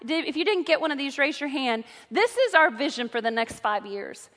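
A middle-aged woman pastor delivering an animated sermon, telling stories between points. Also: sits high, a little fast. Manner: animated preaching with storytelling asides. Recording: long hall reverb.

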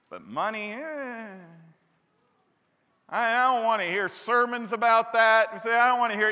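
A man preaching a sermon, animated, breaking into loud high-pitched bursts when he acts out what people say. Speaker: pastor. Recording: long hall reverb.

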